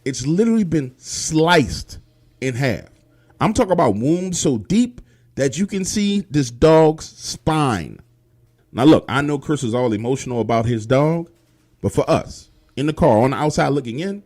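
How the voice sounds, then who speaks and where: A man's voice: fairly high pitch, a little mellow. A man telling a first-person horror story in a casual, emphatic, profane way.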